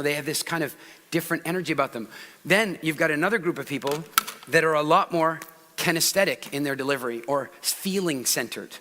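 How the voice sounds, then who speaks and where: A man teaches public speaking live from a stage in a fairly high, very bright, forceful voice. He swings between loud, quick bursts and soft, slow stretches. His voice trails a long reverb through a large event hall. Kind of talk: live stage talk to an audience.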